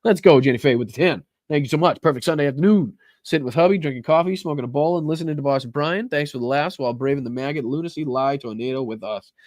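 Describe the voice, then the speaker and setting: A man's voice: fairly high pitch, quick pace, hardly any pauses, darkish tone, no echo. A man hosting a casual political livestream, thanking viewers for donations in a rambling, profane way with many fillers and restarts. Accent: American. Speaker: livestream host.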